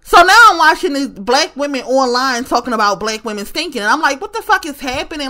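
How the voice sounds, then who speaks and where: A woman vents straight to camera in a casual vlog, her voice pitched high and ringing bright. She is blunt and profane, repeats her points for emphasis, and breaks into laughter often. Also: lively intonation, a little fast, hardly any pauses. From West Baltimore, US. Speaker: vlogger.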